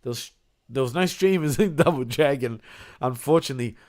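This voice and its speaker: A man's voice: mid-range voice, a little fast, darkish tone. A man co-hosting a crude, casual podcast chat, laughing often and saying "bro" a lot. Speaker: podcast co-host.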